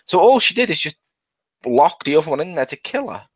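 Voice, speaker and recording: Animated swearing man reviewing a film. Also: on the high side, a little fast, no room sound. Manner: animated, jokey, swears freely, acts out scenes in little voices. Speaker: movie reviewer. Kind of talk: casual film review chat. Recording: dull lo-fi dry sound.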